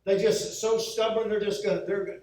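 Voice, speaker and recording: A male pastor with a high-pitched, darkish voice moves briskly through his sermon with fairly even intonation, relating funny tales and voicing the quotes. Captured by a far-off mic, the sanctuary's hall echo is strong.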